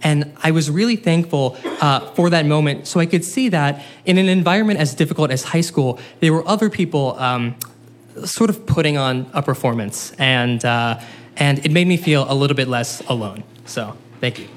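A young man telling a funny personal story on stage, animated and self-mocking with quick asides. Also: a little high, slight background noise. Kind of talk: live comic storytelling.

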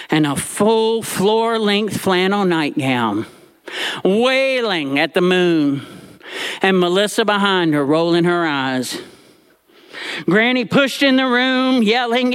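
Male storyteller, animated stage delivery, swooping expressive pitch. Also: clean tone. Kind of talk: storytelling to a live audience.

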